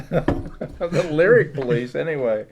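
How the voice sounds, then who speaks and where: A man's voice: fairly high pitch, expressive, slow pace, dull audio, noisy background. A man in a casual podcast chat, trading dry, teasing remarks and reading out album scores.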